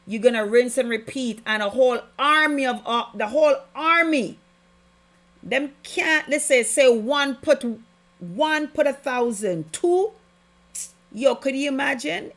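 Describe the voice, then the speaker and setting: A woman hosting a podcast, giving an impassioned, preachy spiritual testimony with heavy emphasis. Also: a little high. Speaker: podcast host.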